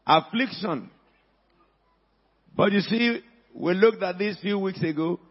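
A man preaching a sermon as pastor, calling on the congregation and rising to shouts. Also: high voice, slightly rough, big-room sound, highs cut off. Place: church hall.

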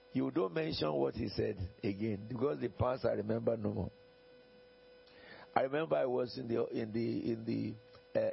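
Creaky and medium in pitch, a man's voice carries a pastor's sermon with Bible reading. He is emphatic and repetitive, chuckling often and checking in with the congregation, and the lo-fi recording sounds dull.

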